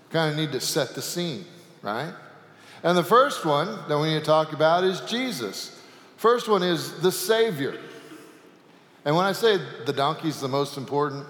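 A man's voice: a little high, fairly bright tone. A male pastor preaching a sermon in a church sanctuary, telling a folksy joke-filled story. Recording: echoey sanctuary with long reverb.

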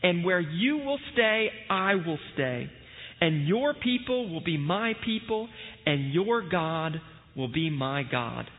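A man voicing a devoted young widowed woman, speaking slowly and earnestly in a tinny, echoing hall. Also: sits high, lively intonation, full character voice. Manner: slow, solemn and earnest. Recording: tinny phone-like sound in a reverberant hall.

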